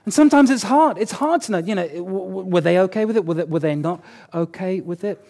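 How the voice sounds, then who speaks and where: A man with a fairly high voice preaches to his church in a relaxed, talky way. He slips in jokes and leans on repeated words to drive his points home. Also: brisk. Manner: conversational and joking, repeats key words for emphasis. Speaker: pastor. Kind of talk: sermon.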